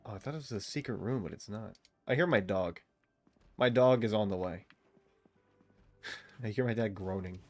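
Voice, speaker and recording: A man's voice: on the low side, normal speed, long pauses, faint music behind. A man streaming a game, chatting loosely and swearing often as he banters with his viewers. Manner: loose, profane, bantering with chat. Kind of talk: casual live-stream chat while gaming.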